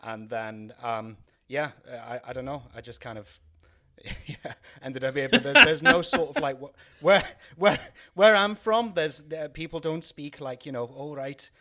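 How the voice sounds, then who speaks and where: A man's voice: medium pitch, measured pace, sharp tone. A young man from North Wales with a mixed, faintly Welsh accent, chatting casually on a podcast, rambling with many fillers and restarts. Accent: mixed, faintly Welsh with southern English traces. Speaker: podcast co-host. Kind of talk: casual chat.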